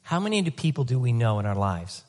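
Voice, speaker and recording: A man's voice: mid-range voice, quick pace. Man preaching a conversational sermon. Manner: conversational, animated preaching with comic asides; repeats words while rethinking sentences. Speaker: pastor.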